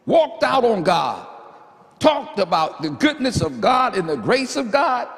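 A male pastor with a high voice preaches with fervor, stacking up repeated phrases. His sermon rings through a church with a long, hanging reverb. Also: very animated, measured pace, fairly bright tone. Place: church service.

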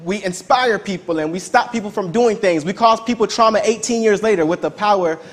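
High-voiced man preaching conversationally. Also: fairly quick. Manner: conversational, emphatic preaching with repetition. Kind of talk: sermon.

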